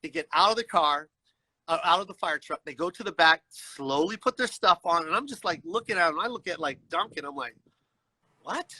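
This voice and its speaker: A man with a high, bright, forceful voice tells a story over a video call, animated and acting out each person in it. The sound is dry and close. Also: fairly quick, dry recording, poor audio. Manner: frequent "you know what I mean" asides. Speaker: guest storyteller. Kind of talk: casual storytelling on a livestream.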